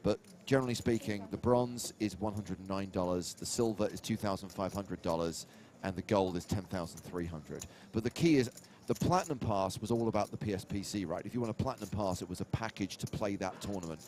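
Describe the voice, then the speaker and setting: A man hosting a live poker stream, giving steady, informative play-by-play. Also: low voice, brisk, a crowd in the background. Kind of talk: live tournament commentary.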